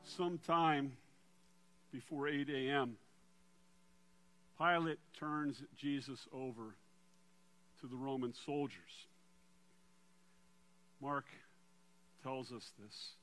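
Male pastor, sermon, slow delivery, bright tone, dramatic scripture reading, hushed emphasis. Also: steady tone. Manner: dramatic, drops to a quiet low voice for emphasis.

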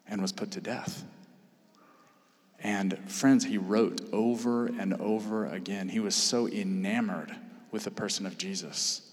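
A man preaching a sermon in earnest, building to emphatic peaks. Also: fairly low pitch. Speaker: pastor. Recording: long hall reverb.

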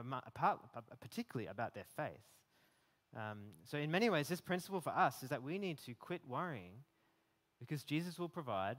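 Casual preacher in a reverberant hall. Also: male voice, medium pitch. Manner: conversational, many fillers and restarts; animated when voicing imagined rebukes. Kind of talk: sermon.

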